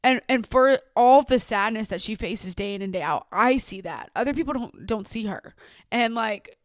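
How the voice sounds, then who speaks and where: A young woman hosts a podcast, speaking candidly and emotionally in a rambling monologue, repeating words as she opens up and sometimes tearing up. Her fairly high, expressive voice moves at a moderate pace. The sound is dry and studio quality, recorded on her own camera.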